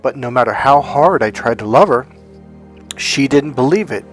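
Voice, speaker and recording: A man's voice: medium pitch, lively intonation, normal speed, faint music behind. A man, a dating coach, telling a personal story in a rambling, conversational way. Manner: conversational, rambling, with many fillers and restarts.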